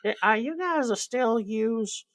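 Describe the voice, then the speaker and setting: A man's voice: very high-pitched, lively intonation, measured pace, fairly bright tone, dry recording, clean studio sound, pitched above the performer's own voice, heavily acted. A man voicing a puzzled American man from Montana, using a put-on Montana accent in a drawling, mockingly clueless way. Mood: teasing.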